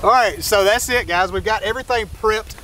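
A man hosting an outdoor fishing and cooking vlog near a pier, talking in an excitable, joking, folksy way. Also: sits high, a little fast, noisy background. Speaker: fishing vlogger, host.

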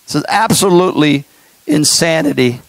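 A man's voice: on the high side, expressive, normal speed, gravelly, no echo. A male pastor preaching a sermon, impassioned and folksy, with mocking asides.

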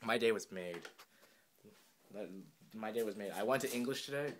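A man's voice: fairly low pitch, slight background noise. Giddy young man vlogging at home. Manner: chatty, giddy, jokey, quick asides. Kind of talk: casual chat to camera. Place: home room, indoors.

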